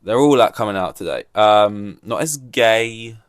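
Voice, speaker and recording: A man's voice: on the low side, animated, measured pace, smooth, no echo, studio quality. A man hosting a solo podcast, rambling and joking while he acts out other people's lines. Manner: rambling, jokey, acts out quoted voices. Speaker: podcast host.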